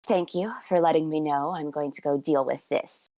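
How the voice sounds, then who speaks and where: A woman's voice: low-pitched, steady tone, moderate pace, warm tone, no echo. A woman doing a poised young noble bride. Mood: polite.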